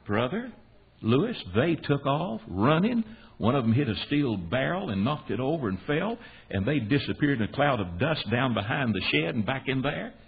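A man's voice: medium pitch, moderate pace, gravelly, breathy edge. An American man teaching a Bible class for men, telling stories and asking his class questions. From United States. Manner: animated, storytelling, quizzes his class. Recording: tinny phone-like recording with faint hiss.

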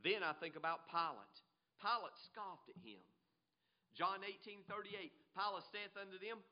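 A man preaching a sermon, emphatic, swinging between loud peaks and low asides, often asking "amen?" of the congregation. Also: normal speed, highs cut off. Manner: emphatic, rises and drops sharply, repeats "amen?" to the congregation.

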